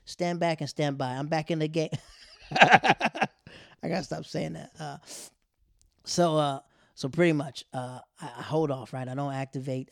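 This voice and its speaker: A young man casually telling a personal story in an animated way, with laughs and slangy asides. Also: a little high, creaky, dry recording, clean studio sound.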